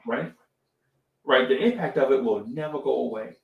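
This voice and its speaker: Animated middle-aged man, echoey room. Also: mid-range voice, normal speed, creaky, narrow, tinny audio. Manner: animated storytelling, repeats phrases, says "right?" often. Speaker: podcast co-host. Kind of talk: casual live-stream talk.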